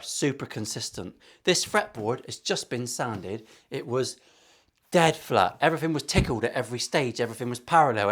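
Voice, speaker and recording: A man in his forties with an English West Country accent, a guitar maker chatting through a workshop build with cheeky, sweary, self-mocking banter. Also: a little high. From England. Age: 40s. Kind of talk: casual workshop vlog.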